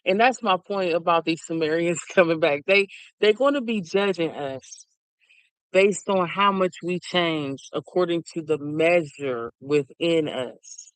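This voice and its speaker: A man's voice: fairly high pitch, unhurried, fairly bright tone, clean tone, no room sound, low-quality recording. A middle-aged man talking in a casual, rambling monologue who laughs often. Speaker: vlogger.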